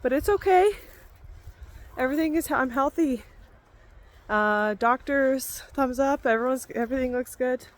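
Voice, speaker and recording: A woman's voice: high-pitched, steady tone, moderate pace. A woman vlogger chatting casually and unscripted to camera outdoors in a forest, rambling and correcting herself as she goes.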